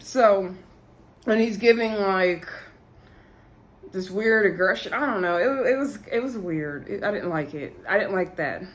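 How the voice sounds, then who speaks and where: Her voice a little high and fairly bright, a young woman runs through a reality show in a relaxed, chatty way. Lines from the cast get acted out, and "like" and "um" turn up constantly.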